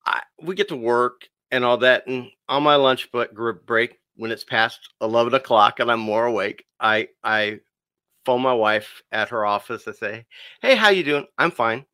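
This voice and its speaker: A man on a podcast telling a personal story in a lively, conversational way, acting out the dialogue and calling the listener "dude.". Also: mid-range voice, normal speed, smooth, dry recording. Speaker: podcast guest.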